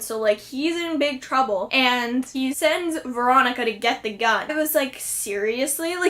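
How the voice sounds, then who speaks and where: Woman vlogger, high voice, excitable chatty episode recap, heavy filler words. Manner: chatty, excitable, lots of "like" and "friggin'". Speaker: TV episode reviewer. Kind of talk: casual vlog recap.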